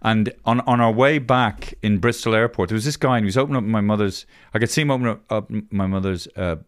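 A man's voice: lowish voice, quick pace, smooth. An Irish man hosting a podcast, telling a heated, swearing story full of stumbles and restarts. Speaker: podcast host. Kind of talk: casual podcast chat.

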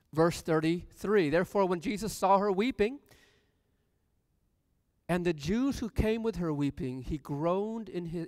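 A man's voice: high voice, a little mellow, dry recording, long reverb tail. A man preaching a sermon in a church, reading scripture aloud and asking the congregation questions. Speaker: pastor. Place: church sanctuary.

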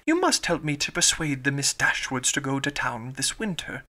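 A man's voice: mid-range voice, sing-song, normal speed, bright, forceful tone. A man voicing a cheerful, talkative young woman in an audiobook, gushing along in chatter.

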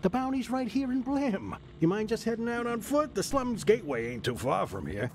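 A gravelly, gruff alien slob. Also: male voice, sits high, big pitch swings, moderate pace, darkish tone, a little hiss or hum. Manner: gruff, dismissive.

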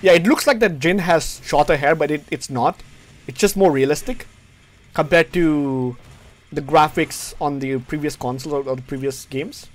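A male streamer reacting to a game trailer at his PC, hyped and swearing, repeating words, his voice going hoarse. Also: normal speed. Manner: hyped, swearing, repeats words, pitch jumps when excited. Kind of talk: excited casual reaction chat. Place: home room at his PC.

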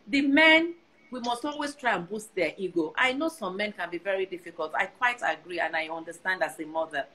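A woman's voice: mid-range voice, a little fast, sharp tone, low-quality recording. A Nigerian woman in her sixties giving earnest advice in casual conversation, often repeating herself for emphasis. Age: 60s. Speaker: guest.

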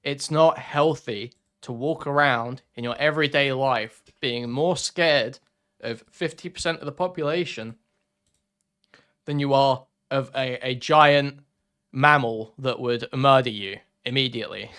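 Man, smooth resonant voice, mid pitch, blunt heckling panelist. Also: measured pace, a bit bright. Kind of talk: casual panel banter.

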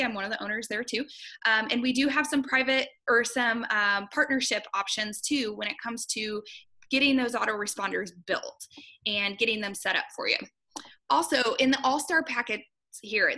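A woman who owns a gym, giving an excited, casual webinar walkthrough of coaching resources with frequent ums. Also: on the high side. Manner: excited, fast-talking, uses many ums. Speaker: gym owner and program coach.

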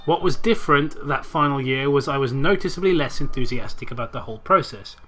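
A man's voice: mid-range voice, fairly quick, a bit bright. A man reading a story aloud with sarcastic joking asides. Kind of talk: comedic reading with banter.

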